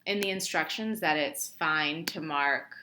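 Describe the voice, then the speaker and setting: A woman's voice: low voice, a little slow, bright, forceful tone, slight background noise. A young woman instructor talking through a lab tutorial casually, thinking aloud with many ums and restarts. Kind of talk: screen-recorded lab tutorial.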